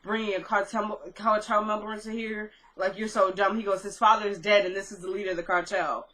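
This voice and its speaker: A woman's voice: medium pitch, flat delivery, fairly quick, sharp tone, rough recording. A woman casually recapping a TV drama episode, retelling scenes with quoted lines and her own chatty asides. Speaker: recap vlogger.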